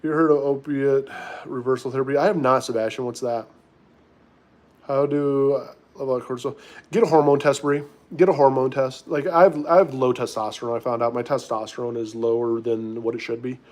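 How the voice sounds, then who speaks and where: A man chatting on a live stream in a relaxed, offhand way. He reads viewer questions aloud and answers them straight away at a middling pitch. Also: brisk. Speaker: livestreamer in recovery. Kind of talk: casual live-stream chat.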